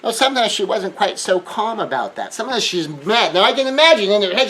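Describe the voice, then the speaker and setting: A man giving an earnest self-help lecture, shifting between hushed remarks and emphatic raised lines. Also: high-pitched, sing-song, quick pace, hardly any pauses, slight background noise, rough recording. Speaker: speaker.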